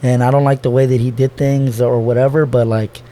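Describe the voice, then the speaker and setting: A man's voice: mid-range voice, little pitch movement, fairly quick, mellow. A young man, a podcast guest, talking loosely and emotionally about his family, saying "bro" a lot, swearing and restarting his sentences. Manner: loose slangy talk, says bro constantly, swears, restarts. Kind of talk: casual heartfelt conversation.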